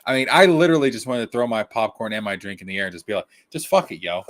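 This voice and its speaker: A man in casual chat, ranting with animated, profane mock outrage. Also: on the low side, rapid-fire. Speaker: podcast co-host.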